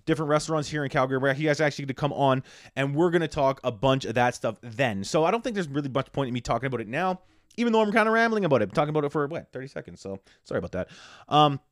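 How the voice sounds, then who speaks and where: A man hosts his podcast in a loose, rambling monologue, swearing constantly and leaning on fillers. He talks fast in a slightly high voice. The sound is close and dry, with no room around it. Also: dry recording. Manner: rambling, profane, full of fillers. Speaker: podcast host.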